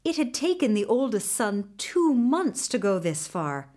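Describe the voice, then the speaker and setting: A woman narrating a fairy tale in an expressive storybook reading style. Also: fairly high pitch. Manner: expressive, unhurried.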